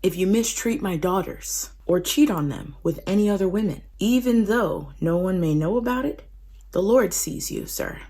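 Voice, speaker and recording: A woman's voice: mid-range voice, normal speed, mellow, slightly rough. A woman voicing an angry old father-in-law who accuses and bargains, raising her voice in indignation. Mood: grudging.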